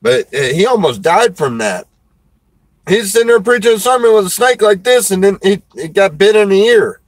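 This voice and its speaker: Preacher, male, chatty and folksy, fairly high voice, dry close sound. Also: sing-song, normal speed, no echo, rough recording. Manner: folksy, rambling, laughs often. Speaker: preacher and show host. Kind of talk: casual chat.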